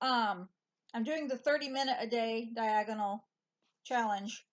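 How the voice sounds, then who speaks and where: This fairly high-voiced woman, a parent co-hosting a stitching chat, talks unhurriedly in a dry, matter-of-fact style marked by fillers and restarts. The sound quality is lo-fi.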